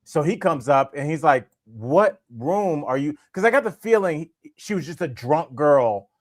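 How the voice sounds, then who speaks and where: A man's voice: on the high side, moderate pace, dry recording, studio quality. A man in his forties, co-hosting a comedy podcast and telling a rambling story full of fillers. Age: 40s. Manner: rambling, animated anecdote-telling with frequent fillers. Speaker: podcast co-host.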